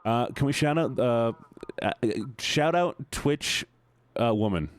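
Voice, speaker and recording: A man streaming live, chatting casually with his audience in an excitable, playful, teasing way. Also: medium pitch, slow, clean tone, dry recording.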